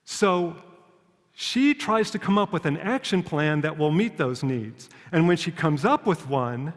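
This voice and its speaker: Guy giving a talk, kinda high voice, measured and storytelling, big echoey hall. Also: lively intonation. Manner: measured, rhetorical questions, storytelling. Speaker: public speaker. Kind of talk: prepared public talk.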